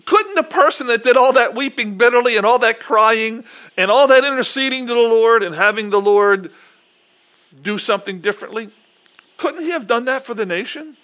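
Man, preacher, high bright voice, earnest, conversational, restarts. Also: lively intonation, moderate pace. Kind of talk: Bible reading and informal sermon.

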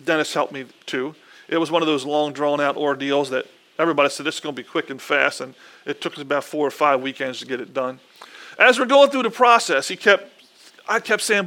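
A man's voice: a little high, expressive, fairly quick, sharp tone. A man reading Bible verses aloud and then preaching in an earnest, conversational way, often restarting his sentences. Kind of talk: Bible reading and informal sermon.

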